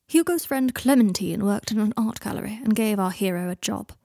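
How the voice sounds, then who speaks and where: A woman's voice: medium pitch, brisk, gravelly, warm tone, no room sound, clean studio sound. A woman reading an audiobook and voicing a bitter, sardonic young man who talks in a cold, mocking drawl. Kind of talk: audiobook reading of fan fiction.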